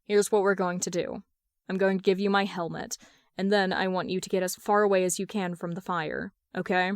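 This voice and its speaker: A woman reading aloud as a gruff young male vigilante who speaks slowly and keeps his voice soft and steady. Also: dry recording, natural voice. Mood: gentle. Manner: low, slow and steady, softened for children.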